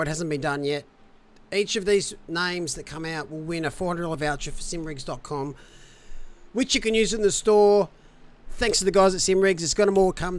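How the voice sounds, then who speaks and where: High-pitched guy hosting a race stream, bantering and hyped, slangy. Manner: upbeat, jokey banter with slang. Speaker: race broadcast host. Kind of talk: livestream race show hosting.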